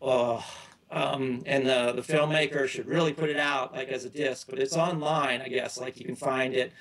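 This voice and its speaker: A man's voice: mid-range voice, steady tone, moderate pace, a bit bright, rough recording. Rambling middle-aged man, casual chat. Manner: rambling, loose storytelling with many restarts. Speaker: guest.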